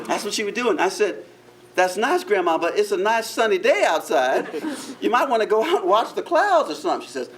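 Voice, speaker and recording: A man's voice: high-pitched, very animated, brisk, fairly bright tone, slight background noise. A man, a park ranger, telling a first-person historical character story to a live audience in a theatrical, playful way, with frequent chuckles and asides to the listeners. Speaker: park ranger giving a living-history talk.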